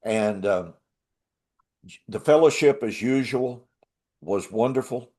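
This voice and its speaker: An older man hosting a talk show, telling a travel story in a casual, animated way and laughing often. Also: mid-range voice, slow pace. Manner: animated, laughs often, acts out quoted voices. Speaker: show host.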